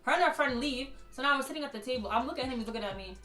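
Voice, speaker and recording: Slangy storytime girl, highish voice, keeps saying you guys, echoey room with a bit of music. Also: very fast, distant mic. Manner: animated, slangy, keeps addressing the audience. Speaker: storytime vlogger. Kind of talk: casual storytelling to camera.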